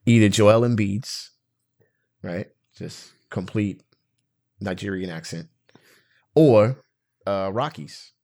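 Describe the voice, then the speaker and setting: A man co-hosting a casual chat, talking in animated bursts with quick asides. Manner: animated, jumps between high and low pitch, fast asides.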